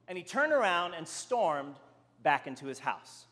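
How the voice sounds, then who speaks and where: Male preacher, story-driven sermon, lively pitch, large reverberant hall. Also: measured pace. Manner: animated storytelling, voicing the characters.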